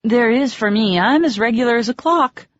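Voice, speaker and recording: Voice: mid-range voice, expressive, normal speed, pitched above the performer's own voice, lightly acted. An audiobook narrator voicing a flustered, embarrassed young woman who keeps apologizing, in a raised, anxious voice. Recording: dry, slightly dull audiobook recording.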